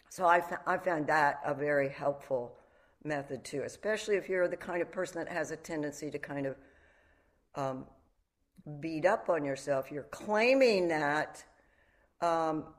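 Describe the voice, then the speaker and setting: A woman's voice: low-pitched, unhurried. Reflective woman teaching meditation. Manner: reflective, gentle, candid, with personal stories. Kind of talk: dharma talk.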